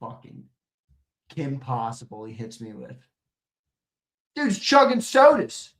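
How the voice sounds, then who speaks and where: He speaks slowly in a mid-range voice while hosting a sports talk livestream, chatting loosely with viewers. Expect frequent cursing, excitable rants punctuated by sudden loud outbursts, and jokey reactions to comments with plenty of laughter.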